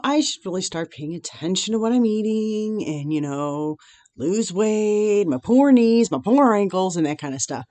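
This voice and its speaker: Chatty lower-voiced woman, laughs often. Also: no echo. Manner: reflective, grateful. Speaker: Christian vlogger. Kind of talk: casual daily devotional vlog.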